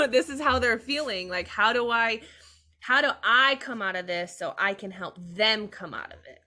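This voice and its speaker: A woman's voice: fairly high pitch, lively intonation, normal speed, bright, forceful tone. A young woman speaking as a podcast guest, talking openly and earnestly about hard personal experiences, sometimes laughing while she does. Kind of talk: candid personal conversation.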